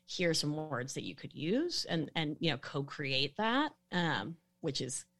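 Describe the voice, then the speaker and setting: Calm woman explaining, gentle sing-song. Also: deep voice, unhurried. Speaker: guest expert on sex and the nervous system. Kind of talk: casual podcast chat.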